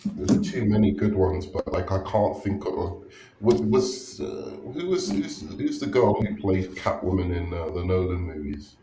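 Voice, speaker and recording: A man in casual reaction-video chat, relaxed and asking questions of the others. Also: sits low, unhurried, background noise.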